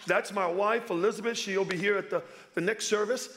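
A man in his fifties from Chicago preaching a sermon as a visiting pastor. His voice sits high for a man, and he keeps it lively and playful, urging the congregation to answer him. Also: fairly quick, slight background noise. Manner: energetic, playful, calls for audience response. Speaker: guest pastor.

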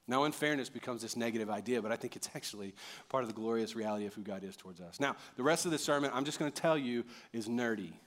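A pastor with a medium-pitched voice talks fast while preaching a sermon. He's animated and conversational, swinging between loud bursts and quiet emphasis, and jokes with the congregation.

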